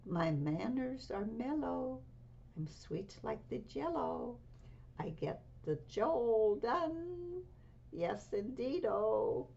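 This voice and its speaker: A woman's voice: mid-range voice, slightly rough, muffled recording, exaggerated voice. A woman voicing a bouncy young male cat who thinks he is a Chihuahua, speaking with a put-on Spanish accent in a sing-song way.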